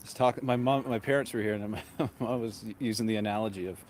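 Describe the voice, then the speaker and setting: A man's voice: on the low side, fast talker, a little mellow, slight background noise. A man hosting a walking livestream outdoors on a cold street, chatting casually with a handheld mic, a little out of breath and reading viewer comments aloud. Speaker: livestream host. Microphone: handheld microphone.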